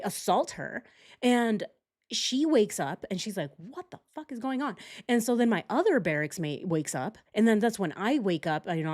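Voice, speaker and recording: A young adult woman streamer shares a personal story in casual chat, candid and animated, acting out quotes by shouting them. She speaks at a medium pitch.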